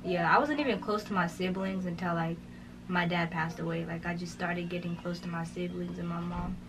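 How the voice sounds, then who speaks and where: Young woman telling her story casually, lowish flat voice, lots of "like". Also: fairly quick, noisy background. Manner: conversational, many "like" fillers, quotes others.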